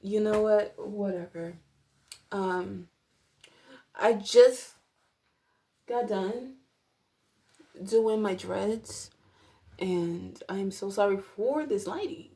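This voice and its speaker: A young woman does a casual tarot reading into her camera at home. Her voice has a gravelly, creaky edge and sits at an ordinary pitch. She rambles, piles on fillers and keeps breaking off to apologize. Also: animated, slow pace, pauses often, darkish tone. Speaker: tarot reader.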